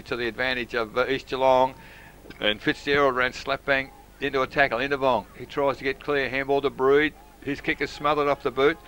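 An older Australian man giving local radio football commentary, hesitant with frequent fillers and quiet asides. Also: medium pitch, low-quality recording.

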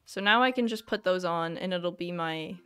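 A woman's voice: lowish voice, moderate pace, a bit bright, smooth, soft background music. A woman live-streaming a video game, chatting casually with her viewers and reacting with frequent self-deprecating exclamations. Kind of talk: casual live-stream chat while gaming.

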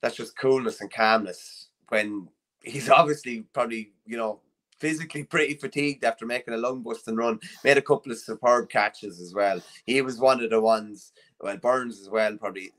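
A man's voice: mid-range voice, normal speed, fairly bright tone. An Irish man co-hosting a podcast, chatting loosely about a match with plenty of restarts. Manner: rambling, with many restarts and fillers. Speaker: co-host. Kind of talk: casual sports analysis chat.

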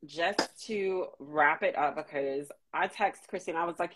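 Playful low-voiced woman hosting a chat. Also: lively intonation, normal speed, hardly any pauses, slightly rough. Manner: joking, playful, wraps up the talk. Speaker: host, business coach. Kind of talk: casual chat.

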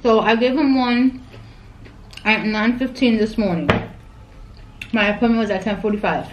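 A woman's voice: on the high side, normal speed. A young adult woman chatting casually to viewers in a mukbang vlog from home. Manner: chatty, addresses viewers directly. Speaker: vlogger. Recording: echoey room with faint ambient noise.

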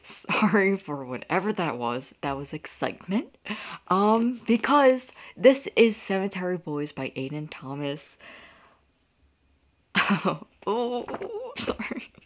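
A woman from Pennsylvania gushing excitedly in a casual book haul vlog, laughing often as she talks. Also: fairly low pitch, a little slow, a little hiss or hum. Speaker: book vlogger.

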